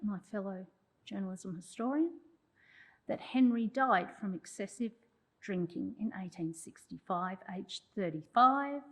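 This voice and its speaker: A woman with a medium-pitched voice is heard on poor audio. She is a journalism historian delivering a prepared public oration, adding wry asides to her audience.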